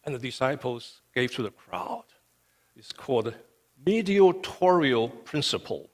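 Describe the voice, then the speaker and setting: A man's voice: mid-range voice, sing-song, measured pace. A male pastor preaching a sermon with emphasis, often checking in with "okay". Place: church sanctuary. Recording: long reverb of a church hall.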